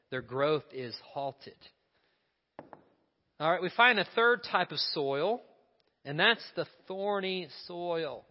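A male pastor with a slightly raised voice preaches in a relaxed, conversational way, often turning to the congregation with questions and side remarks. The voice rings with a long hall reverb, and the recording is dull and lo-fi. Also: on the high side. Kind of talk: sermon.

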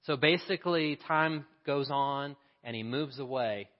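Male preacher, storytelling sermon, animated, mid-pitched, long hall reverb, muffled sound. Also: measured pace. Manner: animated, acts out the voices in his story.

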